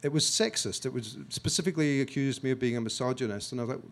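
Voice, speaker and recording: A man from Scotland telling a story to an audience, self-mocking and halting, with frequent restarts, acting out what other people said. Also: medium pitch, vocal fry. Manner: halting restarts and repeated words. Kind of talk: storytelling talk.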